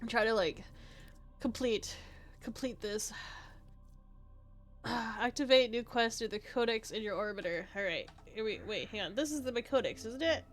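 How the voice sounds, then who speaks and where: A young woman streaming a game, rambling and swearing while she chats with viewers, sniffly and clearing her throat. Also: moderate pace, pauses often. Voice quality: high, youthful voice she calls cute. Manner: rambling, swears often, reacts to chat. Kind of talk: casual game stream chat.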